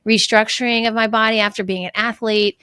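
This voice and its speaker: A woman's voice: fairly high pitch, little pitch movement, a little fast, pushed and bright, clean tone, no echo. A middle-aged woman, a fitness trainer and coach, chatting earnestly and reflectively as an interview guest. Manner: earnest, reflective, with frequent restarts. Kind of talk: casual interview conversation.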